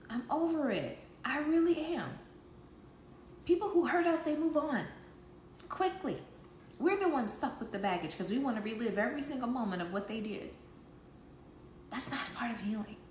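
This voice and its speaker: A woman healing coach talking earnestly and emotionally to her viewers, direct and faith-filled. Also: fairly high pitch. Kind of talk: emotional live talk to viewers. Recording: echoey room with noise.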